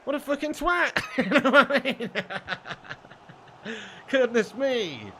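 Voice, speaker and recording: A man's voice: extremely high pitch, lively intonation, takes it slowly, bright, forceful tone, slight background noise. A young British man streaming a football game live, ranting and swearing at length and laughing often between comments. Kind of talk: casual live-stream rant.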